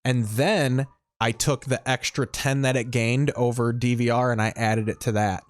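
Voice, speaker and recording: A man's voice: medium pitch, steady tone, normal speed, no echo. A man in casual chat, walking a co-host through a TV show's plot and swearing freely. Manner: explains a TV show plot at length, swears casually. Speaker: podcast co-host.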